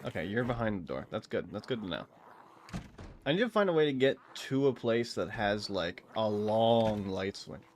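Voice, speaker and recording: A man's voice: fairly low pitch, animated, normal speed, background noise. A young man casually commenting while he plays a video game, rambling and joking with frequent laughs. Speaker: gaming streamer.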